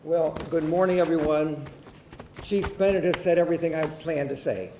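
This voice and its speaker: A man giving measured, formal welcoming remarks as mayor at a ceremony. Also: fairly high pitch, fairly even intonation. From Ohio, United States. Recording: echoey room, distant mic, faint hiss.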